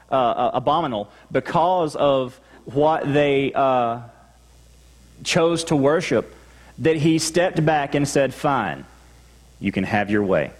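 A male pastor with a Texan accent preaches in a church sanctuary, his slightly high voice trailing a long reverb through the room. He talks to the congregation in a conversational way and acts out their replies. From Texas. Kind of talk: sermon.

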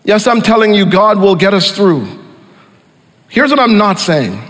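A pastor preaching a sermon with emphatic repeated phrases, dropping quieter for scripture. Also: male voice, high-pitched, lively intonation, measured pace, big-room sound.

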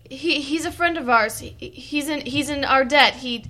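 A woman's voice: high voice, moderate pace, pushed and bright. A woman playing a tabletop game in character, speaking in a hesitant, polite way. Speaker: player.

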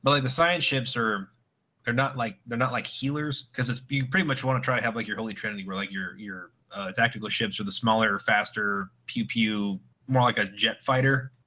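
A man's voice: fairly low pitch, steady tone, brisk, pushed and bright. A man co-hosting a casual podcast chat, rambling through stories with lots of laughter and acted-out quotes. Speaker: podcast co-host.

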